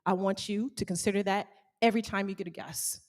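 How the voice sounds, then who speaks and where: A woman who owns a small bakery gives a motivational talk to a live audience, animated and calling out questions to the crowd. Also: medium pitch, brisk. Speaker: small bakery owner speaking to fellow business owners.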